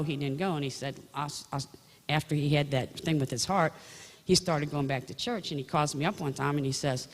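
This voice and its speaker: A woman sharing a personal faith story in a conversational storytelling way, often restarting her sentences. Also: deep voice. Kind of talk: personal testimony talk. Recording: long reverb of a large hall.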